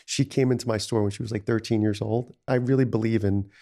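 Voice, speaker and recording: Gravelly, rambling New man. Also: lowish voice, fast. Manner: rambling, full of "you know" and "like", animated. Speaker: restaurant founder, podcast guest. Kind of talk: casual storytelling interview.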